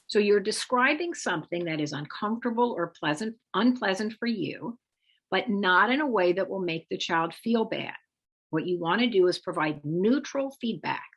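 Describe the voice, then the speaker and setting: A woman presenting an instructive webinar talk as a parenting expert, speaking in a measured, explanatory way. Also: medium pitch, expressive, slightly rough. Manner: measured, explanatory, acts out example phrases for parents.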